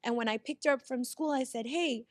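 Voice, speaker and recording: A woman's voice: high voice, brisk, no room sound, studio quality. A woman guest on a podcast, telling a heartfelt, rambling story in casual chat.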